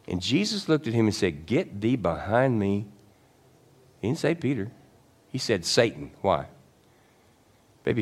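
A male pastor gives a chatty, rambling sermon full of asides and self-corrections, preaching conversationally. He sometimes acts out quoted lines, with rising pitch and shouts.

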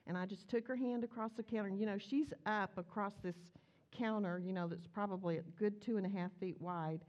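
With a brisk, mid-range voice, a woman gives a lively, conversational sermon in church, telling stories and acting out the dialogue as she goes. The sound quality is lo-fi.

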